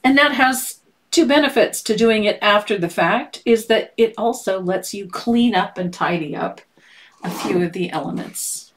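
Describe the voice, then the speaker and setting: A woman's voice: medium pitch, normal speed, a little hiss or hum, poor audio. A middle-aged woman teaching a live painting lesson, explaining steps in a playful, teasing way with frequent laughter. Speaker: painting instructor.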